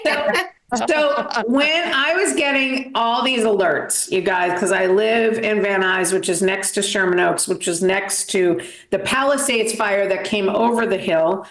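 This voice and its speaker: A woman's voice: medium pitch, unhurried, a bit bright, echoey room. A woman from Massachusetts with a Boston accent, doing a stand-up comedy set over a video call, self-deprecating and dramatic, with lots of fillers.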